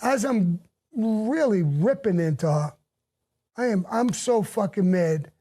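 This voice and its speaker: Husky older man telling blunt stories. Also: high voice, animated, slow, mellow. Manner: blunt, profane, vivid storyteller. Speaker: interviewee recounting his past. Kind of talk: casual storytelling.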